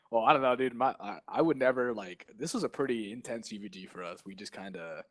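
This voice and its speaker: A man's voice: medium pitch, fairly quick. A young man, a guild leader, chatting casually in an esports interview, laughing often and stringing along fillers. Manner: excitable, laughing, lots of fillers.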